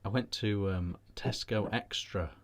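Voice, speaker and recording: A British man hosts a relaxed chat show, his voice sitting a little low. He tells long, rambling anecdotes, restarting his sentences as he goes. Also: a little slow. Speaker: vape show host. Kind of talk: casual chat.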